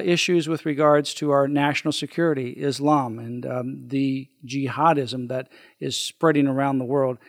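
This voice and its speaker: A man hosting a talk radio show, speaking in a measured, earnest way. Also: medium pitch, no room sound, studio quality.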